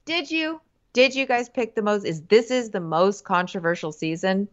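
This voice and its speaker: A woman's voice: medium pitch, expressive, normal speed, dull audio. A woman co-hosting a podcast, ranting in an exasperated, sarcastic and swearing way in casual chat. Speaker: podcast co-host.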